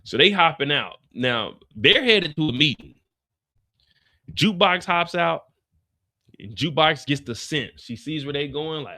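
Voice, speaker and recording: Man, after-show host, bright voice, highish pitch, casual animated recap, acts out lines. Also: a little slow.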